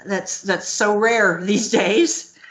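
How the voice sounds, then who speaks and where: A woman's voice: medium pitch, fairly even intonation, slow pace. A woman from Kentucky, a guest author on a radio show, gushing and playful. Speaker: guest author and UFO researcher. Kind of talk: casual radio interview.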